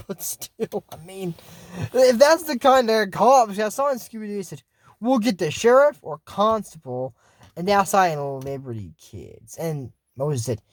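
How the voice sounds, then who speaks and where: A man's voice: high voice, very animated, a little slow, dry recording. A man hosting a casual video, recapping a cartoon episode with rambling, meandering asides. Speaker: video host.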